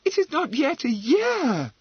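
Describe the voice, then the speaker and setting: A man voicing a proud, spirited young noblewoman who talks in a lively, teasing and emphatic way. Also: extremely high pitch, a little slow, no echo, lo-fi sound, voice pushed up, full character voice.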